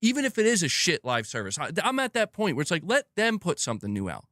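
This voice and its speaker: Male gaming streamer, angry profane rant, lively swooping pitch, dry close sound. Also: fast, no room sound. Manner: angry, profane, repetitive outbursts.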